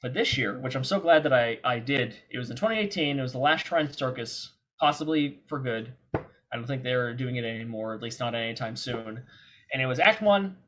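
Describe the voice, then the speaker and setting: Bright-voiced animated storyteller man. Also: medium pitch. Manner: animated, profane, quick anecdotes. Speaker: guest filmmaker and performer. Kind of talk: casual storytelling.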